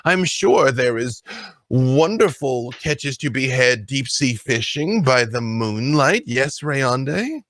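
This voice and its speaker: A man's voice: medium pitch, expressive, a bit bright, no room sound, voice pushed up. A man playing a honeyed scheming noblewoman. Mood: doting. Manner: slow, doting, honeyed. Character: scheming, sugary-sweet noblewoman ruler. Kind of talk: tabletop role-play voicing.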